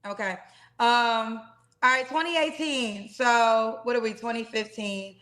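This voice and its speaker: A woman's voice: on the high side, a little slow, fairly bright tone. Direct woman asking probing dating questions. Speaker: interviewer on a dating show. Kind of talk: casual interview questions.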